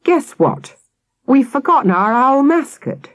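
A woman's voice: sits high, very animated, a little slow, no room sound, clean studio sound, pitched above the performer's own voice. A woman reading a storybook, voicing a harried adult scout helper who talks in a weary, dutiful way.

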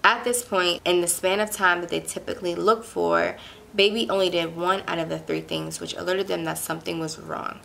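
A woman's voice: on the low side, steady tone, normal speed, vocal fry, sharp tone, slight background noise. A young woman from Pittsburgh telling a personal story in a casual, chatty way, full of "like" fillers and emphatic retelling. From Pittsburgh, USA. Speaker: vlogger.

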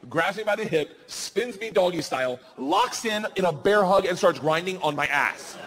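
Loud, animated stand-up comedian man. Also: high-pitched, a little hiss or hum. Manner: loud, animated, bursting into shouts and laughter.

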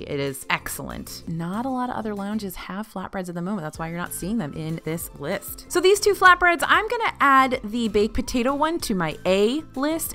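A woman's voice: medium pitch, a bit bright. A woman hosting a food vlog, reviewing and ranking dishes in a chatty, upbeat way and laughing at herself now and then.

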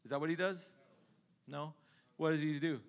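A man's voice: a little high, fairly even intonation, moderate pace. A male pastor preaching a sermon in a conversational way, asking the congregation rhetorical questions again and again.

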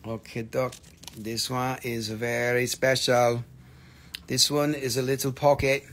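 A man's voice: medium pitch, little pitch movement, a little slow, fairly bright tone. A man hosting a live stream crystal sale, with playful salesman patter in a put-on joke voice and some cursing. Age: adult with a daughter.

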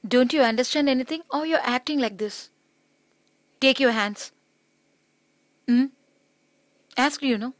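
This is a proud tomboy of a young woman, with a high voice. She talks with sarcastic reproach, close and dry. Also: measured pace, pauses often, no echo. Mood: reproachful. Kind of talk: English dub of a film drama.

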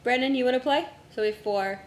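A woman game streamer in casual live-stream chat, muttering to herself and humming as she sorts out who is playing. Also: quick pace. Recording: echoey room with faint rumble.

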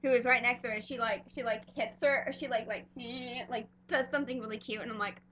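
A woman's voice: fairly high pitch, fairly even intonation, brisk, fairly bright tone, slight background noise. A young woman vlogging casually, gushing and rambling with lots of fillers. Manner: gushing, rambling fan talk with many fillers. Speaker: fan vlogger. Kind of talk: casual vlog chat.

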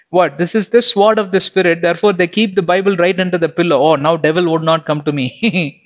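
A man's voice: sits high, dull audio. A young adult man preaching a sermon in a conversational way, often asking his listeners questions.

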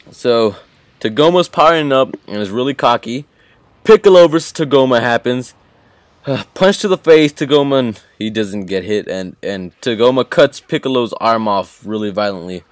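A hyped man recaps an anime episode for his channel, swearing freely and piling up exclamations. His voice sits at an ordinary middle pitch. It sounds dry and close, with no room echo. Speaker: anime reaction channel host.

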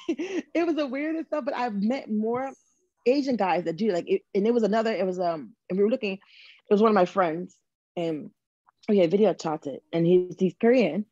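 A woman's voice: mid-range voice, normal speed, warm tone, dry recording. A woman as an interview guest, talking frankly and animatedly with lots of fillers and restarts. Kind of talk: casual interview chat. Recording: dull lo-fi recording.

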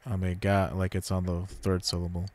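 A man streaming a game, casually explaining Japanese pronunciation and repeating words slowly as he thinks aloud. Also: low voice, monotone, darkish tone. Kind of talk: casual gameplay commentary.

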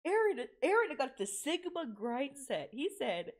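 A woman's voice: high voice, very animated, measured pace. A woman giving casual, chatty reaction commentary on an anime episode, slangy and exclamatory.

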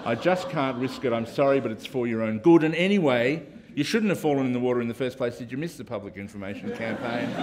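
A man's voice: mid-range voice, background noise, natural voice. A man reading out a sanctimonious bystander who finds excuses not to save a drowning person.

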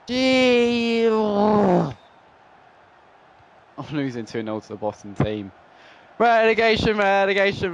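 A young man commentating his own football video game play, swinging between frustrated groans and excited shouts. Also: sits high. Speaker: gaming YouTuber. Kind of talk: live gameplay commentary.

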